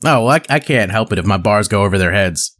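A man co-hosting a podcast, chatting casually with a laid-back, deadpan manner and frequent laughs. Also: fairly low pitch, fast talker. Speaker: podcast co-host.

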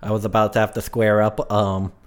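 A man co-hosting a comedy podcast, chatting casually with wry, quick comebacks. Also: fairly low pitch, little pitch movement, clean tone. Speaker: podcast co-host.

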